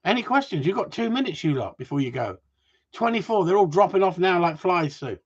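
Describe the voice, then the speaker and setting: A man's voice: sits high, sing-song, fairly quick, husky. Male dog trainer, live-stream host; rambling, sweary rants over muffled stream audio. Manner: chatty, ranting, swears casually. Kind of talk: casual live-stream chat reading viewer comments.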